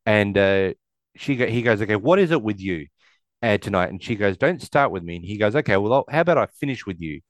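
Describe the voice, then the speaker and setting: Male podcast co-host, low-pitched, dry close mic, casual recap delivery with acted-out quotes. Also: animated, fairly quick, dry recording. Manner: retells scenes, acting out quotes in a raised voice. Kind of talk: casual film recap chat.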